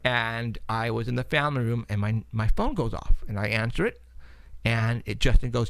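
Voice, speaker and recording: Rambling man telling a story, bright voice. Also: medium pitch, moderate pace, vocal fry, no room sound. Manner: rambling, repeats words, laughs often. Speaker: paranormal show host. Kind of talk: casual storytelling on a talk show.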